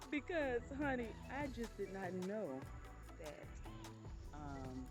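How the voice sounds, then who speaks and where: A woman vlogger telling stories in a casual, chatty way, often calling her listeners "honey" and playing up quoted exclamations. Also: mid-range voice. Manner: acts out quoted exclamations with laughter. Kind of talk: casual storytelling.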